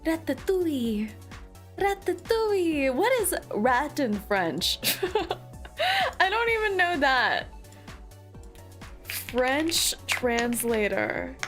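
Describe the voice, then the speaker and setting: A high-voiced woman chats casually with her stream audience, giggly, with a lively, swooping melody. She takes her time over her words, and faint music plays behind her. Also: drawn-out words, long pauses. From United States. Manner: giggly, animated, chatting to viewers. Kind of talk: casual livestream chat.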